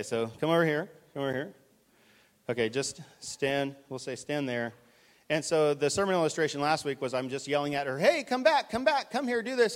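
A man preaching a conversational, urgent sermon, directing volunteers on stage. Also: mid-range voice. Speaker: pastor. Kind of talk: live sermon with stage illustration. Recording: reverberant church hall.

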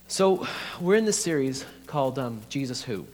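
A man's voice: medium pitch, very animated. Earnest pastor man in an echoey hall. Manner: conversational, halting, earnest. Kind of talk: sermon storytelling. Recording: echoey hall, faint hum.

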